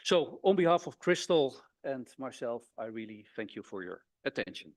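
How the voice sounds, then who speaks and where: A man's voice: medium pitch, big pitch swings, moderate pace, no echo. A man in his sixties giving a conference talk, hesitant and repeating words as he searches for them. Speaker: conference speaker. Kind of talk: conference presentation.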